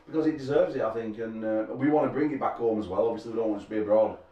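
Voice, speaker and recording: A middle-aged man, an arm wrestling promoter, races through his press conference banter in a lowish voice. The muffled recording is made from a distance in an echoey room, and he's a rambling storyteller full of crude jokes and frequent laughter.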